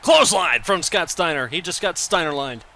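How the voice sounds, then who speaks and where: A man calls a wrestling video game match in casual play-by-play, with a high, bright voice. He is excitable and jokey, laughing between calls. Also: moderate pace, vocal fry. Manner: excitable, laughs often, stumbles over numbers.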